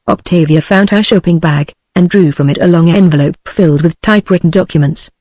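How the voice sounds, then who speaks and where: A woman's voice: lowish voice, fairly quick, a little mellow, dry recording. A synthetic woman's voice with a British accent, narrating a classic story as a text-to-speech audiobook. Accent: British English.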